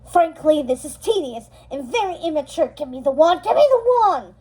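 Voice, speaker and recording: A woman's voice: high-pitched, moderate pace, natural voice, poor audio. A woman reading a storybook aloud, voicing a haughty evil sorceress mother with a sneering, mocking manner. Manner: sneering, mocking, bursts into shouts.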